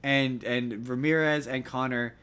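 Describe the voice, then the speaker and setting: A man's voice: mid-range voice, steady tone, measured pace, over a noisy crowd. A man co-hosting a podcast, chatting casually about films, rambling and correcting himself as he goes. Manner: rambling, self-correcting, jokey. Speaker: podcast co-host. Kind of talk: casual movie chat.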